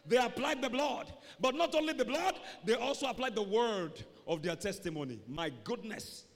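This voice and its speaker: A male pastor preaching a call-and-response sermon, swinging between loud emphatic calls and low asides. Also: animated, normal speed. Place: church sanctuary. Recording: reverberant church hall, faint noise.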